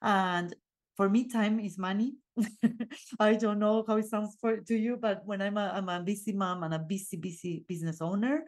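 A woman's voice: medium pitch, fairly even intonation, moderate pace, a little mellow. Upbeat female vlogger, a mom and business owner, casual motivational chat. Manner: earnest, upbeat, with fillers and laughs. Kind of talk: casual motivational vlog talk.

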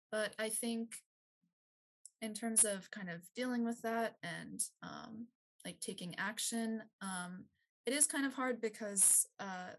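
A woman's voice: mid-range voice, a little hiss or hum, rough recording. A woman talking as a guest on a casual podcast, hesitant, with many fillers and light laughs. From Maryland, US. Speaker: guest, youth outreach director.

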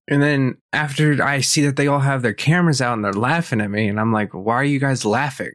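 Heard close and dry, this man rants straight into a podcast mic. His pitch sits right in the ordinary middle for a man. He talks bluntly and swears freely, as if telling the story to friends. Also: fairly bright tone, dry recording. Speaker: podcast host. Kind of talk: casual storytelling rant.

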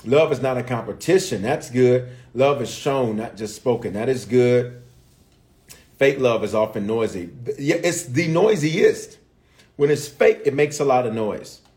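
A man's voice: mid-range voice, a little mellow. A man, a bishop, recapping a sermon series live with viewers, repeating phrases for emphasis and calling out people by name.

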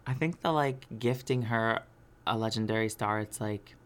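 A woman co-hosting a podcast in casual chat, relaxed and rambling with many fillers. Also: very deep voice, normal speed, slight background noise. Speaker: podcast co-host.

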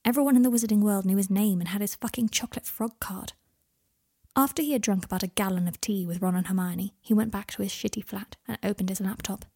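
A woman narrating a fan fiction story aloud in a plain, steady storytelling manner. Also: medium pitch, quick pace, creaky, slightly rough.

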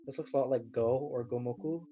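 A woman's voice: very deep voice, brisk, dark tone, dull audio, faint music behind. A young woman co-hosting a casual gaming podcast chat, explaining her views earnestly and analytically, with casual swearing. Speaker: podcast co-host.

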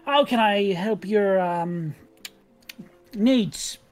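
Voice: mid-range voice, drawn-out words, pitched above the performer's own voice. A game master voicing a small, fussy gnome woman who runs a metal shop, flustered and businesslike. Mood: polite.

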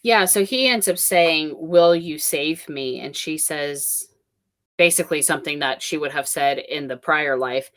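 A woman in casual chat, reviewing a novel in a relaxed, candid way and swearing now and then. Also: deep voice, measured pace. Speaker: book discussion co-host.

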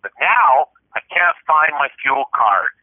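Male podcast host, animated storyteller who acts out voices, phone-quality sound, dry, medium pitch. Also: measured pace, husky, no echo. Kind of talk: casual storytelling chat.

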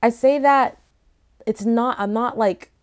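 A woman's voice: fairly high pitch, takes it slowly, clear, resonant tone. A young woman hosting a casual solo podcast from home, rambling and joking with many fillers while lying down. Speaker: podcast host.

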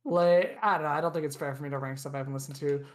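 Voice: medium pitch, fairly even intonation, very fast. Blunt, opinionated young podcast co-host. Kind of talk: casual podcast chat.

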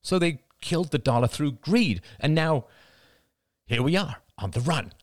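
A man's voice: fairly high pitch, animated, a little slow, dry recording, clean studio sound, pitched above the performer's own voice. A man reading a blunt, tense father. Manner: blunt, matter-of-fact arguing. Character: tense pragmatic father on the run. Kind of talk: audiobook character reading.

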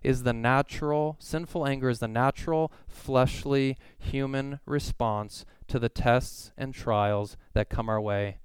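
A man's voice: mid-range voice, fairly even intonation, measured pace, few pauses, smooth, dry recording. A man in his thirties preaching a sermon, telling a family story in a casual, self-deprecating way. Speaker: pastor.

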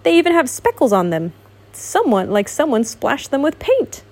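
A woman's voice: sits high, huge pitch swings, moderate pace, darkish tone, pitched above the performer's own voice. A woman reading the lines of a bouncy, eager male tiger in a storybook.

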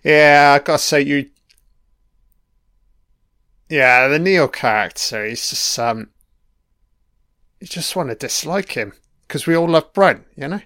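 A man with a smooth, clean voice talks unhurriedly over an episode, tossing crude, mocking jabs at the characters. The recording is dry and close, with no room sound. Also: on the high side, slow pace, long pauses, bright, forceful tone, dry recording. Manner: profane, mocking, heckles characters on screen. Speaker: film commentator. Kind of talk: watch-along episode commentary.

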